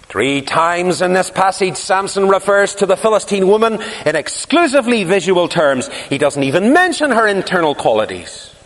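A man's voice: sits high, very animated, normal speed, hardly any pauses, a bit bright. A man preaching a sermon, telling stories and asking rhetorical questions with emphasis. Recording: long reverb of a large hall.

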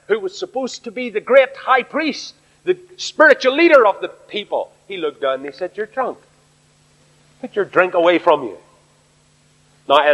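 A man's voice: a little high, fairly bright tone. A man preaching an earnest sermon at a Bible study, asking rhetorical questions. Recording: echoey hall, dull lo-fi sound.

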